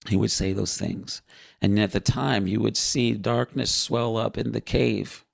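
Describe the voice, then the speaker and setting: A man's voice: lowish voice, steady tone, unhurried, vocal fry, no room sound, studio quality. A man earnestly recounting a vivid spiritual vision in casual spoken testimony. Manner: earnest, vivid storytelling with fillers.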